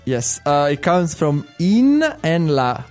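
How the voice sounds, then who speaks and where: A man with an Italian accent, a native Italian speaker co-hosting a casual language podcast, jokey and self-mocking, with halting fillers. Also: fairly high pitch, big pitch swings, darkish tone, soft background music. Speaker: co-host and native-speaker teacher.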